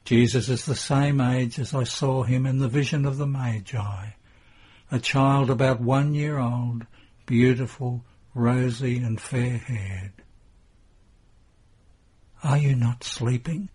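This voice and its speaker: A man narrating a religious text in a measured, reverent reading. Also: mid-range voice, fairly even intonation, a little mellow, husky.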